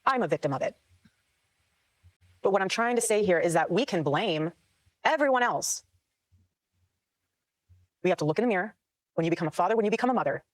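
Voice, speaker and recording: Fast-talking earnest woman. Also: mid-range voice, no echo, poor audio. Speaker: town hall interviewee. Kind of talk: answering audience questions.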